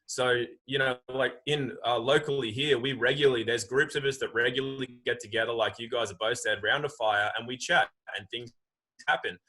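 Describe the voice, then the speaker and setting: A man's voice: mid-range voice, fairly quick, low-quality recording. A man guest talking emphatically on a video call, arguing his point at length. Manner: emphatic, animated, acts out quoted voices. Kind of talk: casual conversation.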